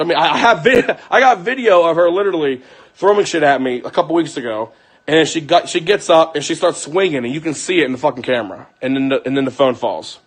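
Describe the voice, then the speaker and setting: A young man angrily telling his viewers about a fight at home, swearing and acting out what everyone said. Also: on the high side. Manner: heated, profane, acts out quoted lines. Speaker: vlogger. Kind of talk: angry personal account to viewers.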